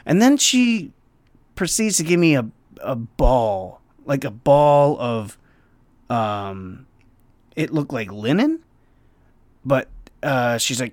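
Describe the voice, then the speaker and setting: A man's voice: mid-range voice, sing-song, slow pace, long pauses, darkish tone, no echo. Rambling male server telling a story. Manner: rambling, acts out the people in his story. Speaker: restaurant server. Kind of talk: casual storytelling vlog. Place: near Los Angeles.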